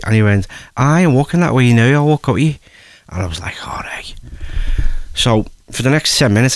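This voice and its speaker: A middle-aged man, a radio host telling a rambling story, jumping into high voices for the people he quotes. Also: no room sound, clean studio sound. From North West England.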